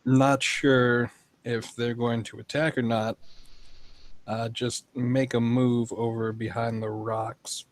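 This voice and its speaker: A man's voice: medium pitch, level tone, slow, slight background noise. A man playing a tabletop game, describing his character's moves while thinking aloud. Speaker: player.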